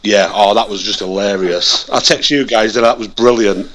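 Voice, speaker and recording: A man chatting casually about football as a podcast co-host, animated and often repeating words as he restarts his sentences. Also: on the low side, moderate pace. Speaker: podcast co-host, Leeds fan.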